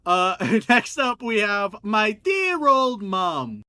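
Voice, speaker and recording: Lively, excitable podcast man. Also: high voice, slow pace, smooth, no echo, clean studio sound. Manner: excitable, laughs a lot, swears. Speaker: podcast co-host reading listener prompts. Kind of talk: casual chat.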